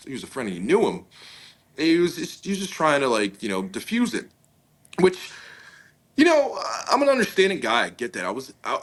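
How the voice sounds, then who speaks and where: A man's voice: medium pitch, fairly bright tone. A man, an interview guest, recounting a story in a casual, conversational way, full of fillers and acted-out dialogue. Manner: casual, many fillers, acts out quoted dialogue.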